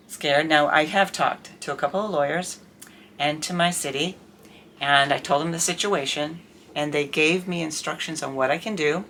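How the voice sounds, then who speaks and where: A middle-aged woman talking candidly to camera in a casual vlog, telling an indignant, animated story about her life. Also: deep voice, slight background noise. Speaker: vlogger.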